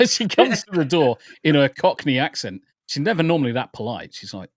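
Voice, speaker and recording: A man's voice: on the high side, big pitch swings, normal speed, no room sound. A British man chatting casually as a guest from a small spare bedroom, rambling and laughing often. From England. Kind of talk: casual chat. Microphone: home computer setup.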